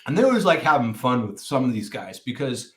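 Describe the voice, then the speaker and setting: A man as a podcast guest, telling stories in a rambling, animated way during a casual chat. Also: mid-range voice, a little fast. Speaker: podcast guest, nonprofit founder.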